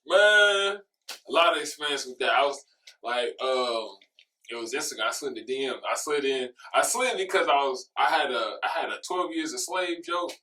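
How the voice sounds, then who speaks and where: A man's voice: mid-range voice, a little fast, sharp tone, distant mic, a little hiss or hum, poor audio. A young man chatting casually as a podcast co-host, telling a rambling story with frequent restarts, laughs and swearing. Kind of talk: casual chat.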